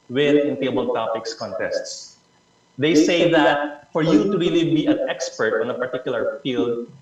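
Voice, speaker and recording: Man presenting on an echoey video call. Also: fairly high pitch. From Philippines. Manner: encouraging, repeats key words for emphasis. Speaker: presenter leading a learning session. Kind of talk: online club workshop talk. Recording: echoey distant muffled video call audio.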